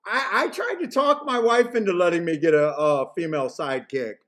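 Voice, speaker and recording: A man with a notably high voice hosts a live horse racing stream, chatting loosely with his viewers. He rambles, swears freely and breaks into laughter often. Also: lively intonation, fairly quick, fairly bright tone. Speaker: horse racing handicapping show host. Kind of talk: casual live-stream chat.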